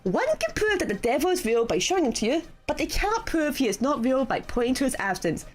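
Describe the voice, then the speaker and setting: A woman voicing a sharp-tongued female defense lawyer, explaining in a brisk, blunt way. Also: sits high, big pitch swings.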